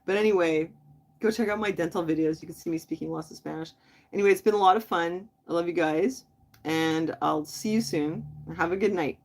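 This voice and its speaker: A woman's voice: lowish voice, brisk. A woman hosting a casual late-night livestream, chatting loosely with viewers and laughing easily. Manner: chatty, talks straight to viewers in the chat; laughs often, loose and friendly. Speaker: livestream host.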